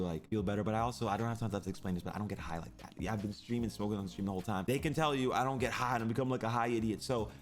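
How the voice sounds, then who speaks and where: A young man who streams, telling a personal story in an intense, rambling way that is full of swearing. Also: lowish voice.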